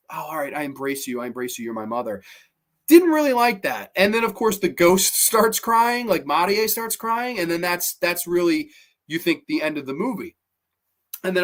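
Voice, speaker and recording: Brief: male horror podcast host with a slightly high voice, loose and conversational, chatty and opinionated, swears now and then. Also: a bit bright. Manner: chatty and opinionated, with frequent fillers and occasional swearing. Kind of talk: casual film review monologue.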